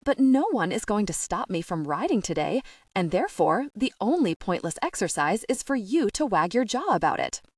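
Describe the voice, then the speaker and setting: A woman's voice: mid-range voice, very animated, moderate pace, darkish tone, no echo, clean studio sound, far from the mic. Woman reading as a snappy young heiress, impatient, voice jumps around a lot. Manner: curt and impatient. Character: bold, sharp-tongued young heiress woman.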